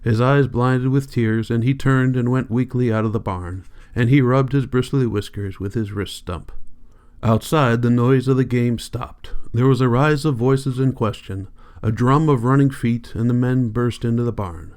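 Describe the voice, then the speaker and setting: A man reading a novel aloud as an audiobook narrator, in a steady, measured manner. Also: mid-range voice, clean tone. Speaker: audiobook reader.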